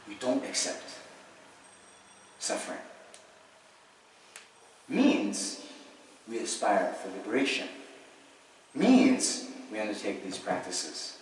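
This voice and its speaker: A man giving a casual Buddhist dharma talk, chatty and joking, with many asides and fillers. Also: fairly low pitch. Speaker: Buddhist teacher. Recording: very echoey hall, distant mic, noisy.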